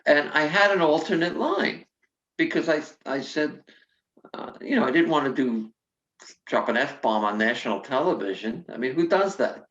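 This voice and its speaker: An older woman comedian tells lively stories in an interview, slipping into the voices of the people she quotes and swearing bluntly. Her voice sits in an echoey space and sounds a little muffled and dull. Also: low voice, normal speed. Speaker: guest comedian. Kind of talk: casual interview storytelling.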